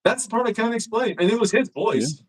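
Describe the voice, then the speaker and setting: Speaking fairly quickly in a voice that sits high, a man tells a story as a guest on a live-streamed show, and the audio is poor. The chat is casual; he swears freely and animatedly acts out what people said.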